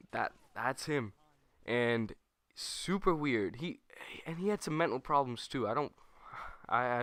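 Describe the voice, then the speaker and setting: Young male streamer, mid pitch, dry close mic, animated rambling storyteller. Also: dry recording. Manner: rambling, animated, self-correcting, with quick put-on quotes. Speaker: gaming channel host. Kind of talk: casual storytime over gameplay.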